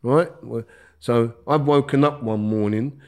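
A middle-aged man tells stories from his past in casual, animated speech. He acts out other people's lines and laughs as he talks. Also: medium pitch, a little slow. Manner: animated, acts out quotes, laughs while telling. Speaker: guest. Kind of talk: casual storytelling.

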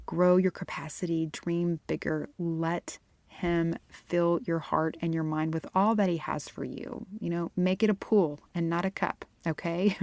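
A middle-aged woman speaks in a fairly low voice, recorded dry and close. She hosts her own Christian fitness podcast, talking to listeners alone in an earnest, encouraging way and laughing easily. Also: fairly even intonation, a little slow, a little mellow, no room sound. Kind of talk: solo podcast monologue.

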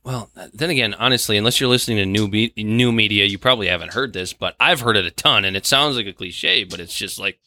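A man co-hosting a podcast in casual chat, joking and animated, with lots of fillers. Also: on the low side, fast, few pauses, no room sound, studio quality. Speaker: podcast co-host.

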